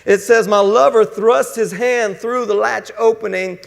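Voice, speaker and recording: A man with a drawl preaches with folksy, joking energy, his voice sitting unusually high with a gravelly edge. The sound carries long reverb from a church sanctuary. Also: steady tone, unhurried. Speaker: pastor. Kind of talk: sermon.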